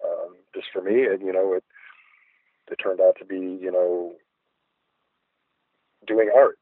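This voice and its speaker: A man's voice: deep voice, fairly even intonation, measured pace, husky, no room sound. A middle-aged man, a guest artist, chatting in a reflective, rambling way with many fillers. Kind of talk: casual interview chat. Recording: phone-like dry line.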